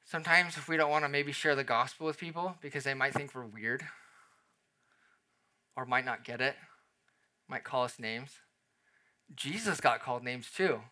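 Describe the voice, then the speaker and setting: A man preaching a sermon as pastor, animated and conversational, acting out little scenes in quoted voices. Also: mid-range voice, moderate pace, pauses often.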